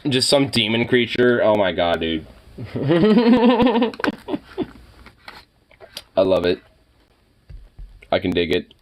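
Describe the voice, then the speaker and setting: A man's voice: deep voice, normal speed, long pauses. A young man chatting casually as he reacts to pet pictures, swearing, exclaiming and laughing often.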